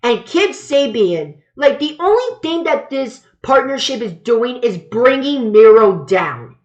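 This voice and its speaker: Slow, rambling woman reviewer. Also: high-pitched, sing-song. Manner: rambling, restarts, stumbles over words; emphatic and opinionated. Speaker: wrestling reviewer. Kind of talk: casual spoken review. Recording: slightly dull lo-fi sound.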